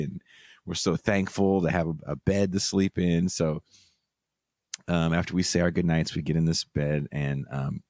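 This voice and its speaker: A low-voiced man hosts a podcast, spinning a casual story with plenty of swearing and self-mockery. His voice jumps around a lot as he goes. The recording is dry and close, with no room sound. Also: no echo. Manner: animated, profane, self-mocking storyteller. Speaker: podcast host.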